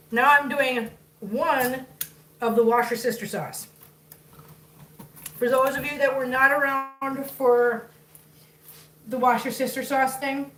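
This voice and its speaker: A woman's voice: high-pitched, a bit bright. Chatty woman in an echoey kitchen. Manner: chatty, laughs often, coos baby talk at her cats. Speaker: live-stream host. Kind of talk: casual live-stream cooking chat. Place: home kitchen. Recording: echoey room, mic at a distance, faint noise.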